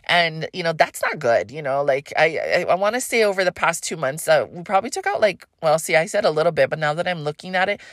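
A woman's voice: low-pitched, lively intonation, fast, hardly any pauses, no room sound, studio quality. A woman hosting a podcast, talking casually about astrology in a rambling, frank way, with a light Hawaiian accent and plenty of swearing. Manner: rambling, frank, swears freely, laughs often. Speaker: podcast host.

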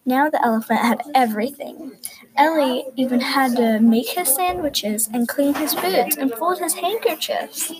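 A woman reading a children's picture book aloud in a careful, expressive way. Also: high-pitched, a little slow, low-quality recording. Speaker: reader. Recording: crowd chatter behind.

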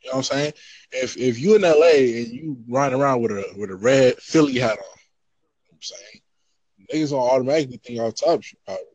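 A man from the Los Angeles area talks in loose, rambling casual chat, full of fillers. His voice sits at an ordinary male pitch and sounds dry and close to the mic. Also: quick pace, darkish tone, dry recording, poor audio. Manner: rambling, many fillers, laughs off his points.

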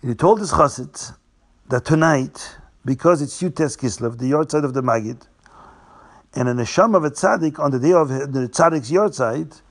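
A man telling a Hasidic tale, restating names and slowing down for drama. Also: on the high side. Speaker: storyteller.

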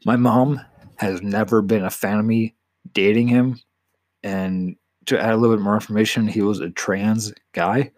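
A man's voice: lowish voice, fairly even intonation, moderate pace, darkish tone, no echo. An eighteen-year-old man hosting a casual solo podcast, talking candidly and emotionally in a rambling way with frequent swearing. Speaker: podcast host.

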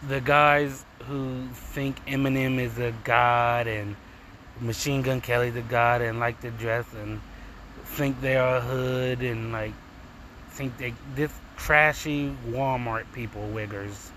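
A man's voice: mid-range voice, fairly bright tone, a little hiss or hum, low-quality recording. A man hosting a podcast in a casual, comedic solo monologue, swearing freely and rambling with lots of fillers. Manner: profane, rambling, frequent fillers. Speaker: podcast host.

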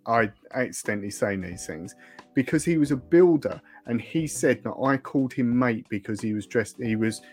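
Brief: Essex man, relaxed podcast co-host, jokey, mid-pitched voice, faint music underneath. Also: moderate pace. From Essex, England. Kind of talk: casual chat.

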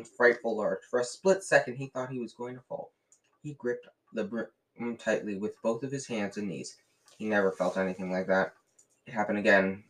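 A man reading a novel aloud in a lively way, often slipping and restarting words. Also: medium pitch, slight background noise, rough recording. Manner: lively, with frequent slips and restarts. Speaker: reader.

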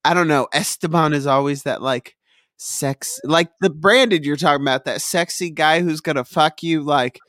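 Male co-host, slightly high pitch, dry close mic, crude teasing banter. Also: normal speed, fairly bright tone, no echo. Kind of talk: casual podcast banter.

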